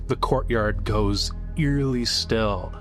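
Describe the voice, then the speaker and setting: Low-voiced man running a tabletop game. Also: a bit bright, faint music behind. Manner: halting, descriptive, with many fillers. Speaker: game master.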